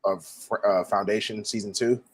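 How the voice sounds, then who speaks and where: A man's voice: on the low side, steady tone, normal speed, a crowd in the background. A man in casual podcast chat, rambling with many restarts.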